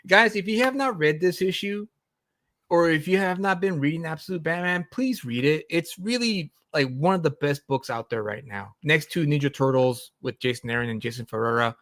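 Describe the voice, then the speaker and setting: A man's voice: fairly high pitch, moderate pace, no echo, clean studio sound. A man hosting a live stream, chatting casually with restarts and easy laughter. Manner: relaxed, laughing, frequent restarts and fillers. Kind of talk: casual chat about comics.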